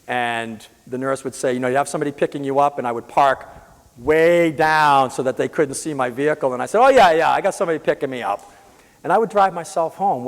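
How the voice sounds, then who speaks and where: A man from the Boston area telling his own illness story as a patient advocate, earnest and halting, with frequent restarts. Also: mid-range voice, in a large hall. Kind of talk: personal storytelling.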